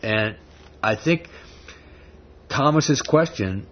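In a conversational sermon, a man with a mid-range, animated voice draws out his words and builds up to emphatic rhetorical questions. The audio is dull lo-fi with faint background noise.

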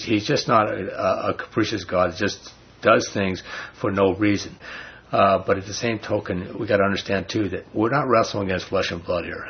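A man leading a Bible study, reading scripture slowly and then explaining it in loose, casual talk with a husky voice. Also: lowish voice. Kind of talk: informal Bible study teaching. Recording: dull lo-fi recording.

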